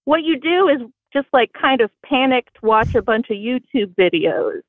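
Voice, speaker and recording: Lady calling into a podcast, kinda high voice, laughs a lot, dry muffled phone sound. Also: expressive, moderate pace, no room sound. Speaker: caller. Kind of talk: casual chat.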